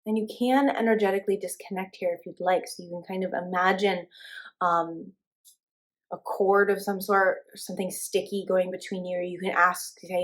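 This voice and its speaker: A young woman teaching a spiritual class in a relaxed, chatty way, with many fillers and restarts. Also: on the low side, brisk. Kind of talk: casual spoken class.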